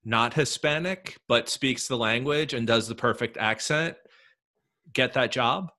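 Bright-toned male podcast host. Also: mid-range voice, a little slow. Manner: chatty, informal, rambling questions. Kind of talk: casual interview chat.

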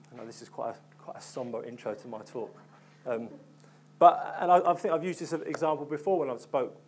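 A man's voice: medium pitch, darkish tone. A young man preaching a sermon in an earnest, conversational way, with frequent ums and restarts.

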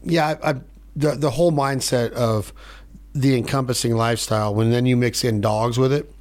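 Guy rambling away on a studio podcast, excited storyteller, middle pitch. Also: moderate pace. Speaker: podcast host. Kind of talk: casual chat.

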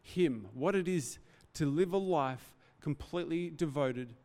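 A man's voice: on the high side, measured pace, a little mellow, in a large hall. A man preaching a Christmas sermon in an earnest, reflective way, often stepping off his notes. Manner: earnest, reflective, speaks off the cuff. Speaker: pastor.

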